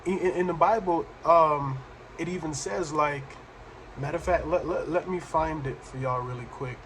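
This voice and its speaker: A man hosting a reaction show, commenting in a reflective, halting way with fillers. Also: on the high side, background noise. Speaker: host.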